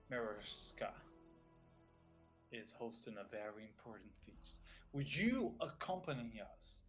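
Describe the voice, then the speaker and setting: A man voicing a polished woman aristocrat who hosts a society of rich flyers, speaking in a gracious, welcoming, slightly boastful manner. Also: mid-range voice.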